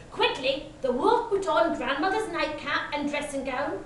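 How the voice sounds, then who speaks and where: A woman reading a children's story aloud with slow, expressive storytelling, in an echoey room away from the mic. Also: high voice, far from the mic, slight background noise.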